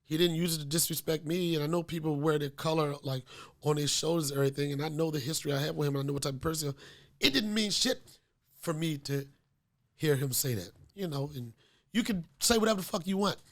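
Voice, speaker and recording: A man hosts a comedy podcast while getting over a cold, chatting casually in a loose, profane, storytelling style with lots of fillers. His voice is on the high side, and he talks fast.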